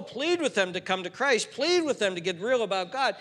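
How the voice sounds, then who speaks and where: Bright, high-voiced man preaching in a reverberant hall. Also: animated, a little fast, hardly any pauses. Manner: impassioned preaching that drops to hushed appeals. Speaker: pastor. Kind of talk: sermon. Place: church hall before a seated congregation.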